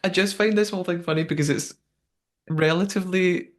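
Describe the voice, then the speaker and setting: A man's voice: high voice, a little fast. A man hosting a podcast, recapping a show in casual chat, laughing often and quoting people in put-on voices. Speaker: podcast host.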